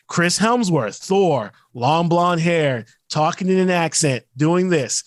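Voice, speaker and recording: A man co-hosting a podcast, ranting in casual chat and mimicking actors in quick asides. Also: high-pitched, lively intonation, no room sound, clean studio sound. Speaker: podcast co-host.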